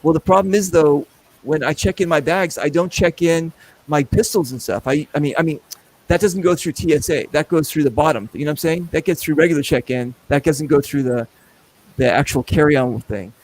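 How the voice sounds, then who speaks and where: A middle-aged man with a slightly high voice hosts a casual show. He tells anecdotes in an animated way, acting out other people's lines as he goes. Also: brisk, rough recording. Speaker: podcast host. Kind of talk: casual storytelling.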